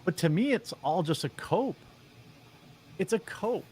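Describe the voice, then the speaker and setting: A man's voice: high voice, animated, unhurried, darkish tone, a little hiss or hum. A man giving opinionated commentary on video clips in a sarcastic, mocking, rambling way with many fillers. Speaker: commentary vlogger.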